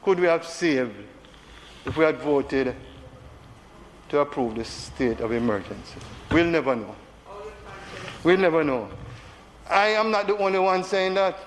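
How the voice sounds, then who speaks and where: A man with a Jamaican accent giving an emotional parliamentary speech as a senator, repeating phrases for emphasis in a large chamber. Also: sits high. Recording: reverberant chamber with faint background noise.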